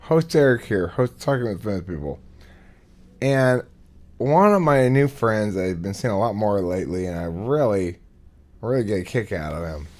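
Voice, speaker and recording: A man hosting a podcast, introducing a guest in a slow, playful way and swearing freely. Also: lowish voice, darkish tone. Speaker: podcast host.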